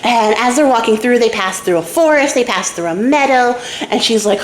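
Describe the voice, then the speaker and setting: A woman's voice: on the high side, fairly quick. A young woman casually retelling a fairy tale at home, irreverent and chatty, swearing and acting out the characters' lines. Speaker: storyteller and craft channel host. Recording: echoey room.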